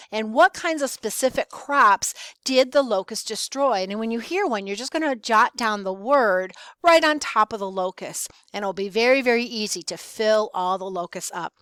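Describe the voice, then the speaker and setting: A woman teaching a Bible lesson, speaking casually to students and reading scripture aloud with deliberate stress and pauses. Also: medium pitch, fairly bright tone, no room sound. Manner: conversational, with fillers and restarts.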